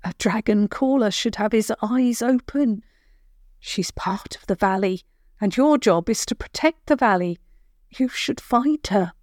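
A woman voicing a gruff, blunt old village woman who grunts and speaks abruptly. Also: fairly high pitch, unhurried, darkish tone, no room sound, clean studio sound, pitched above the performer's own voice, lightly acted. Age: older.

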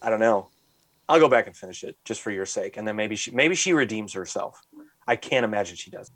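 A man's voice: lowish voice, a little fast, no echo. Ranting man on a podcast. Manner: animated ranting, heavy use of "like"; exasperated, mocking. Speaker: podcast host. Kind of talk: casual podcast chat.

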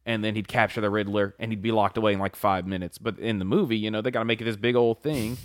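A man's voice: lowish voice, fairly even intonation, fast talker, dry recording. A young man co-hosting a casual podcast chat, rambling with lots of "like" and the odd swear word. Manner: rambling, lots of "like", swears, does mock voices. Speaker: podcast co-host.

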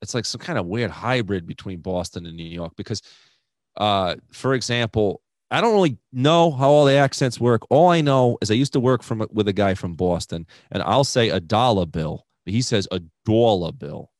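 A man's voice: fairly low pitch, normal speed, dry recording, studio quality. A young man with a Rhode Island accent, a stand-up comedian chatting casually on a podcast in profane, self-deprecating rants.

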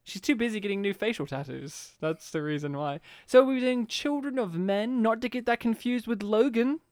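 A podcast co-host riffs through a casual comedic chat, wandering into rambling and absurd jokey tangents. The voice sits at an ordinary middle pitch and comes across dry and close, with no room sound around it. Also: lively intonation, normal speed, a little mellow, dry recording.

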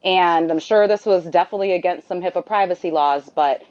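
Brief: talkative woman, lower voice, rambles and acts out lines, muffled lo-fi audio. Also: a little fast, darkish tone. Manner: chatty, rambling, acts out dialogue. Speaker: guest, the host's sister. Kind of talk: storytelling conversation. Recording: dull lo-fi sound.

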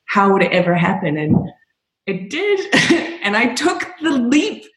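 A woman guest telling her story in a casual interview, animated, laughing often, her voice rising when she gets excited. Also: mid-range voice, normal speed. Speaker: podcast guest. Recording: echoey room.

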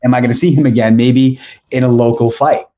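A man's voice: medium pitch, fairly quick. Rambling storytelling man in his forties. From South Florida. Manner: rambling, self-correcting, animated storyteller. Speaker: podcast guest. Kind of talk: casual storytelling.

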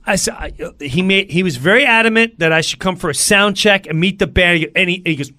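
A middle-aged male comedian telling an animated story as a guest, acting out other people's voices in the quotes. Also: high voice, fairly quick, few pauses.

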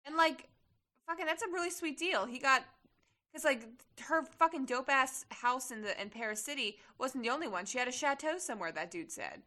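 Young woman, podcast co-host, chatty and rambling, bright tone, slightly high voice. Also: expressive, brisk. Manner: chatty, lots of fillers and profanity. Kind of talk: casual chat.

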